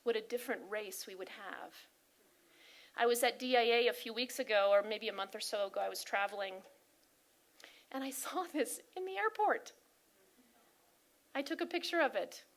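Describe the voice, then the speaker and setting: A woman with a slightly high voice delivers an inspirational talk at a spiritual service. She speaks with earnest, animated emphasis and keeps turning to her listeners with questions. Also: moderate pace, long pauses. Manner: earnest, often questions the audience. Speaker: spiritual practitioner giving a talk.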